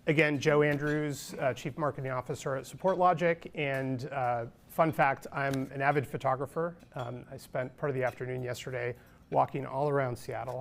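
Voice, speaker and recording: A panel moderator from California speaks to an audience from a conference stage, his medium-pitched voice creaky. He talks steadily with plenty of ums and restarts, and there's slight background noise.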